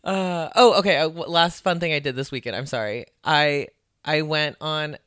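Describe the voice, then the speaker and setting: A woman co-hosting a podcast, a stand-up comedian chatting casually and telling animated stories. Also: sits low, moderate pace, no echo, clean studio sound. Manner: chatty, animated storytelling with voiced asides. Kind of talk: casual chat.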